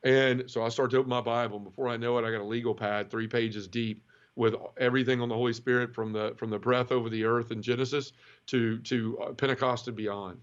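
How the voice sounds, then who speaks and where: A brisk man with a mid-range voice is heard on audio with the highs cut off. Appearing as an interview guest, he narrates his conversion casually, with honesty and emotion, acting out quoted voices in an animated manner.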